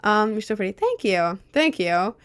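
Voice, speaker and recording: A young woman streamer whose natural voice sits on the low side, chatting casually and reacting aloud to her chat. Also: big pitch swings, moderate pace, clear, resonant tone. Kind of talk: casual livestream chat reading comments.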